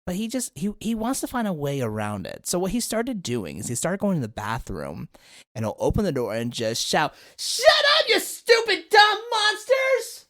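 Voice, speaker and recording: A man's voice: mid-range voice, fairly quick, no room sound, clean studio sound. A man in his thirties co-hosting a podcast, chatting casually and a little tipsy, rambling through his stories. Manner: rambling, lively storyteller. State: tipsy from drinking. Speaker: podcast co-host.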